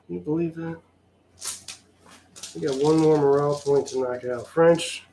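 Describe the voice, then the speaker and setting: A man's voice: fairly high pitch, fairly even intonation, normal speed, noisy background. A man giving a wry, sarcastic play-by-play of his own solo tabletop wargame, sounding mildly exasperated. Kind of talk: casual play-by-play of a tabletop game.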